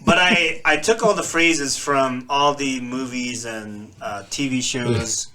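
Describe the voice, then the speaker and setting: A man's voice: medium pitch, slow pace, slight background noise. A man in his forties from the Philippines, with a slight Filipino accent, co-hosting a casual podcast and telling stories with frequent laughter. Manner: laughs often, animated storytelling. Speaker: podcast co-host.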